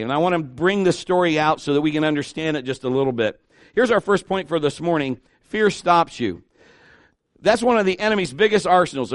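A middle-aged pastor preaching an animated sermon, acting out the people he quotes. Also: a little high, no echo, clean studio sound.

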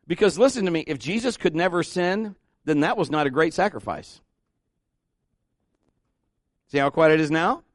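Animated pastor preaching in a dry close mic. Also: male voice, no room sound. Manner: animated, swings into high-pitched voices when acting out quotes; conversational, asks the congregation questions. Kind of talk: sermon.

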